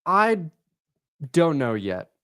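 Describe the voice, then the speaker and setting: A man's voice: a little high, sing-song, extremely slow, a bit bright, smooth, dry recording, studio quality. A man co-hosting a casual sports podcast, chatty and loose, with lots of fillers and restarts. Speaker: podcast co-host.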